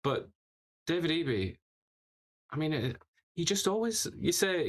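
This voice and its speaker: A man's voice: a little high, big pitch swings, a little slow. A man hosting casual political commentary, talking in a sarcastic, mocking way.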